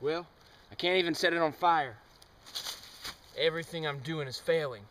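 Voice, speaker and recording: A young man giving a deadpan, mock-serious comic monologue outdoors, with sudden loud outbursts. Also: a little high, normal speed, far from the mic, noisy background. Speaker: amateur experimenter. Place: outdoors on a trail.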